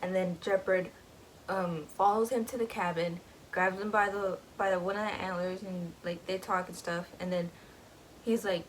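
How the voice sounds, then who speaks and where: A young woman recaps a book in a casual, rambling way, filling her sentences with "like"s and small giggles. Her voice sits at a middle pitch for a woman. There is faint noise behind her. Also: steady tone, moderate pace, rough recording. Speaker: book vlogger.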